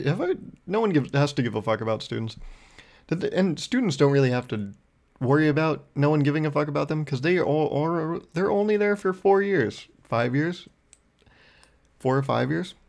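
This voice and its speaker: A man's voice: a little high, expressive, moderate pace, vocal fry, a little mellow. A young man hosting his own podcast, telling a rambling, profane story in a casual monologue. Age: young adult. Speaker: podcast host.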